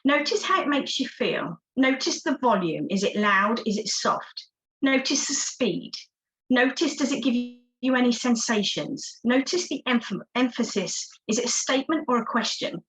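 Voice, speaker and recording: A woman's voice: a little high, expressive, moderate pace, fairly bright tone, poor audio. A woman, a success coach giving an encouraging, interactive online workshop talk over a video call. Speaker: success coach, guest speaker.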